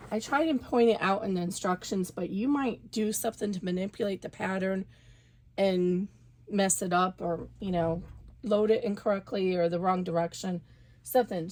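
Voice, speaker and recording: A woman's voice: mid-range voice, vocal fry, a little mellow. A woman giving a casual, chatty sewing tutorial, talking through each step as she works and correcting herself along the way. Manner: chatty, self-correcting, talks while working. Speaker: embroidery instructor.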